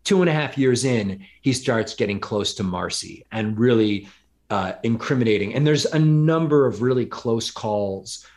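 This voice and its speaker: A man's voice: mid-range voice, animated, normal speed, a little mellow. A middle-aged man telling a crime story as an interview guest, with lots of restarts and fillers along the way. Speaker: podcast guest, author of true crime reporting. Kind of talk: conversational interview. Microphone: podcast microphone.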